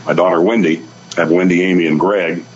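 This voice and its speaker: A man's voice: sits low, fairly even intonation, fast talker, lo-fi sound, a little hiss or hum. An older man telling folksy, anecdotal stories as a guest on a talk show, acting out the voices of the people in them. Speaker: guest, author and rancher. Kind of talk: storytelling on a radio talk show.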